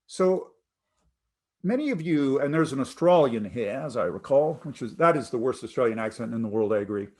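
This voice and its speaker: A man from Canada giving an online class lecture on a video call, chatty and self-deprecating. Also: mid-range voice. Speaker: instructor.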